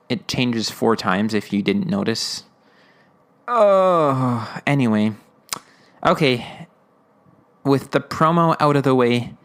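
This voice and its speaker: Male podcast host, loose rambling recap, frequent um and like. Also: medium pitch. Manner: rambling, laughing, many fillers. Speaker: podcast host reviewing episodes. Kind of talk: casual episode discussion.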